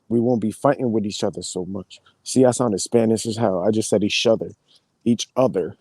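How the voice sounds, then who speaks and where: Chill guy on a live stream, slangy and easygoing, mellow tone, dry sound. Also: mid-range voice, no echo. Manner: laid-back, slangy, greets viewers. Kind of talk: casual live-stream chat.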